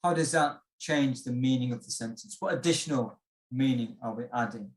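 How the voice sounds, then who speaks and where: A man's voice: mid-range voice, moderate pace, echoey room. A man leading an online exam-prep workshop, patiently explaining and asking the class questions, with many fillers and restarts. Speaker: IELTS workshop instructor. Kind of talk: online lesson.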